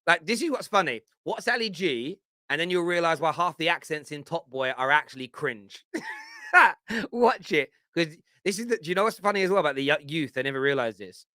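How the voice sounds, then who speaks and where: A man in his forties with a London accent, hosting a football fan show with animated, blunt banter. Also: on the high side, normal speed, no room sound, clean studio sound. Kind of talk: live chat show rant.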